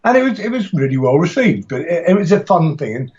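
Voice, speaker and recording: A man's voice: fairly high pitch, big pitch swings, quick pace, darkish tone, muffled recording. A man talking casually as a podcast guest about teaching martial arts, rambling and enthusiastic, with frequent restarts and laughs.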